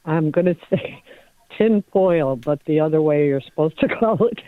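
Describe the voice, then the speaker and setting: A woman's voice: low-pitched, lively intonation, normal speed, dry recording, phone-quality sound. A woman calling in to a radio show, giggling and stumbling over words. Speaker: radio caller. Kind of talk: phone-in chat.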